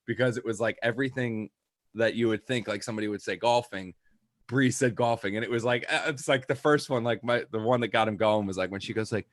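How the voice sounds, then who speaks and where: A man's voice: fairly low pitch, fast talker, no room sound, clean studio sound. A young man, a podcast co-host, telling a rambling casual anecdote full of "like" and quoted lines. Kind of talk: casual chat, storytelling.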